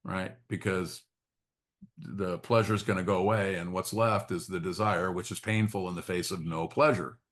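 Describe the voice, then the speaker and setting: Low-voiced man leading a reflective teaching talk. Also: steady tone. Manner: halting, repeats words, frequent tag questions. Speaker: spiritual study group leader.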